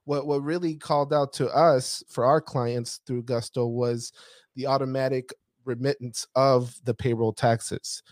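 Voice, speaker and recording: A man's voice: mid-range voice, steady tone, measured pace, a little mellow, no room sound, studio quality. A man in a casual business conversation, recounting his accounting firm's experience and repeating key phrases for emphasis. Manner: storytelling, repeats himself for emphasis. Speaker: accounting firm owner.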